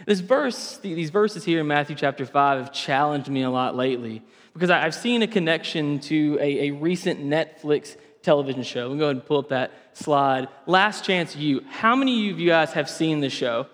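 A young man delivering a sermon lesson in a casual, animated, conversational way, often restarting his phrases. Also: on the high side, normal speed. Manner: animated, conversational, self-correcting. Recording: reverberant hall sound.

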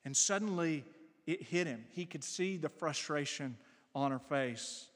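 A male pastor delivers a sermon in an earnest way, often slowing and dropping to a softer voice on the phrases he wants to land. His voice sits a little higher than most men's. The recording carries the long reverb of a large hall. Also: lively intonation.

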